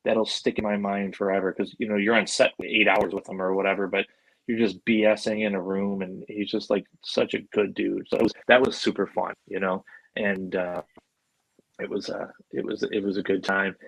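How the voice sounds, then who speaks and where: A middle-aged man from Buffalo spinning stories as a podcast guest. His voice sits fairly low and sounds dry and close, with almost no room sound. He rambles in a loose, chatty way, with plenty of fillers and casual swearing. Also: flat delivery, normal speed, vocal fry, a bit bright, no room sound, rough recording. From Buffalo, New York, USA. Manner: loose and chatty, full of "like" and "you know", swears freely. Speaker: podcast guest, animal handler. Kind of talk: casual storytelling.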